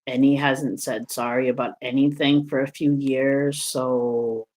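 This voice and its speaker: A woman in her fifties speaking hesitantly on a video call, pausing often with sighs and small laughs. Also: very deep voice, flat delivery, darkish tone, low-quality recording. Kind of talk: casual chat.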